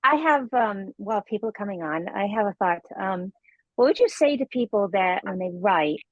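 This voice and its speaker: A woman on a video call asking a question hesitantly, with many pauses and ums. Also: mid-range voice, animated, dry recording, lo-fi sound. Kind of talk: casual group chat on a video call.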